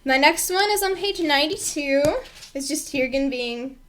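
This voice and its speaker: A woman's voice: high voice, lively intonation, normal speed, background noise. A woman co-hosting a podcast in casual chat, often breaking into giggles as she tells a story. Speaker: podcast co-host.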